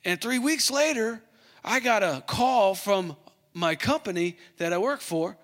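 A man's voice: high voice, lively intonation, measured pace, fairly bright tone. A man preaching a sermon, telling a story and acting out both sides of the conversation. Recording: long hall reverb.

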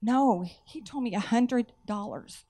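A middle-aged woman, preaching a sermon through animated personal stories with folksy asides. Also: fairly high pitch, a little slow. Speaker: church speaker.

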